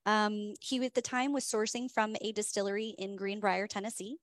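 A woman's voice: mid-range voice, flat delivery, moderate pace, dry recording. A woman hosting a whiskey tasting, telling the story in a chatty, enthusiastic way with many fillers. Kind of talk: casual storytelling presentation.

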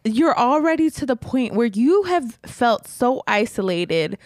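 A woman's voice: fairly high pitch, very animated, a little slow, a little mellow, dry recording, clean studio sound. Blunt woman arguing her point. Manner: blunt, swears freely, argues her point. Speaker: podcast co-host. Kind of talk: casual chat.

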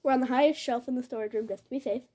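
Jumpy, high-pitched woman gamer. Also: racing. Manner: excitable, gasping, jumpy reactions. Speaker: gamer narrating her play. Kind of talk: live game commentary.

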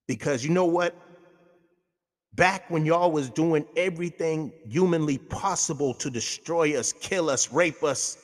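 A man's voice: on the high side, a little slow, in a large hall. Heated, profane male talk-show host. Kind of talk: impassioned talk-show monologue.

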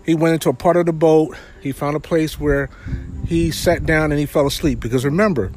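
A man's voice: fairly high pitch, fairly quick, a little mellow. A man preaching a sermon in a conversational way, retelling a Bible story with frequent fillers.

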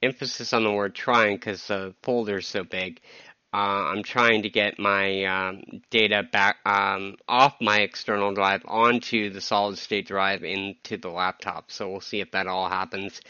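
A man with a low, bright and smooth voice talks through a personal podcast monologue. He stops and starts, leans on "um" and sounds stressed. The sound is dry and a little dull, like a lo-fi home recording. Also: dry recording. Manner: halting, full of ums and restarts, stressed. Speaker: podcast host.

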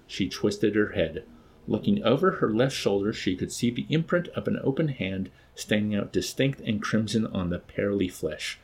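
Low husky guy reading a novel aloud, lively dramatic delivery. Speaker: audiobook narrator. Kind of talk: scripted narration.

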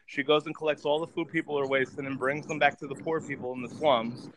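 Rambling, profane man, slightly high voice. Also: fairly even intonation, fast, a bit bright, a little hiss or hum, rough recording. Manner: rambling and profane, with lots of filler words. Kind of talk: casual chat, retelling a movie plot.

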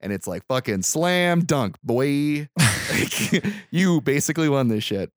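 On a podcast, a male host casually retells a movie scene by scene, voicing the characters' lines with loose swearing. His voice sits a little high and sounds animated, his pace is measured, and the studio-quality recording is dry.

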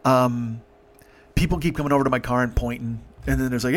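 A man in his fifties telling a story casually, swearing freely and stopping to restart his sentences. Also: mid-range voice. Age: 50s. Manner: profane, halting, animated. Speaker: podcast host.

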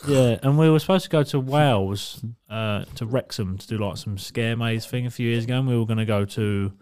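A man's voice: mid-range voice, a little fast, darkish tone, clean tone. A young man from England co-hosting a podcast, telling stories in a laid-back, sweary way. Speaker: podcast co-host. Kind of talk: casual chat.

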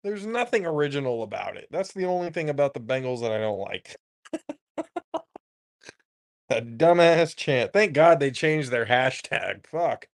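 A man's voice: mid-range voice, expressive, measured pace, creaky. Guy on a sports podcast, regular mid voice, cussing and laughing a lot. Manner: profane, laughing, emphatic. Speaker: podcast co-host. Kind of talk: casual sports chat.

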